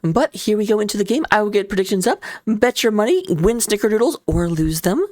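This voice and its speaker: A woman casting a live video game match as commentator, playful and jokey, her voice jumping up with sudden excitement. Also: mid-range voice, a little fast, no room sound, clean studio sound. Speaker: esports caster.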